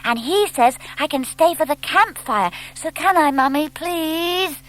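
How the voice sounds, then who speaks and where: A woman doing a tiny eager baby owl from a storybook, high and wide-eyed, slow pleading questions, breathy when excited. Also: low-quality recording. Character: small eager baby barn owl boy.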